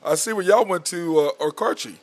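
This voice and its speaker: A man's voice: high voice, fairly quick, faint music behind. A man hosting a casual sports podcast, loose and rambling, laughing as he tells stories. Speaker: podcast host. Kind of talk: casual sports show chat.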